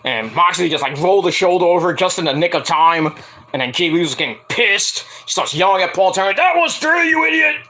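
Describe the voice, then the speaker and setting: Fairly high-pitched, pushed and bright, this wrestling show reviewer talks fairly quickly. He rambles through his casual spoken review, swearing freely and leaning on lots of fillers.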